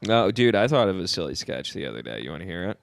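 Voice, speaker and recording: A man's voice: low voice, big pitch swings, fast talker, creaky, no room sound. A young man in his twenties co-hosting a podcast, chatting casually in a crude, joking way and laughing often. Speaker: podcast co-host. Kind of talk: casual chat.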